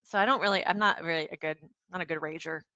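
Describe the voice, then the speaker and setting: A woman's voice: low-pitched, fast talker, dry recording, highs cut off. A woman, a podcast guest, talking casually in an interview and acting out bits of quoted dialogue. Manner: animated, acts out quoted dialogue. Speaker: podcast guest, founder and CEO.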